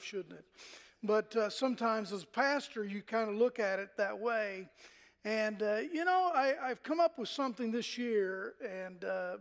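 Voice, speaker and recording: An older man, a pastor with a Southern accent, preaching a sermon in a folksy, rambling way full of fillers and restarts. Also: high-pitched. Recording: long hall reverb.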